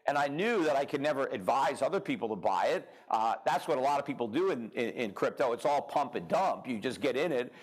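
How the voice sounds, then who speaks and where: A man's voice: mid-range voice, low-quality recording. A middle-aged man arguing bluntly in a live-streamed debate, with frequent "uh"s. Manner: blunt, dismissive, with filler "uh"s.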